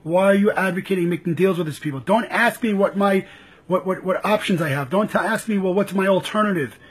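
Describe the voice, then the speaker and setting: Husky, high-pitched man in frustrated commentary. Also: a little fast. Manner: frustrated, rhetorical, repeating himself. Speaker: political commentator. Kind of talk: impassioned live commentary.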